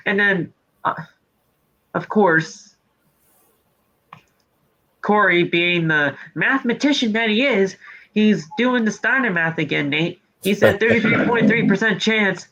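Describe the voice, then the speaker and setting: A high, bright-toned man talks through a wrestling show on a podcast, swearing freely and recapping the action move by move. The audio is dull and lo-fi. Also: measured pace, long pauses. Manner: profane, animated play-by-play recapping. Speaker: podcast co-host. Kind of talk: casual wrestling recap chat.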